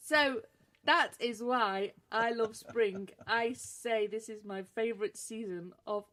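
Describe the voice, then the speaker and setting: A woman's voice: a little high, slow, fairly bright tone. A British woman co-hosting a radio show, teasing her co-host and laughing often. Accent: British English. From England. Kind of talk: playful banter on a podcast radio show.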